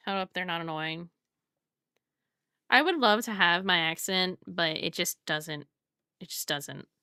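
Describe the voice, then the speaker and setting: A woman's voice: medium pitch, sharp tone, dry recording, studio quality. A woman from the Southern United States, chatting casually while she draws on a live stream. She rambles and often laughs. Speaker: art streamer.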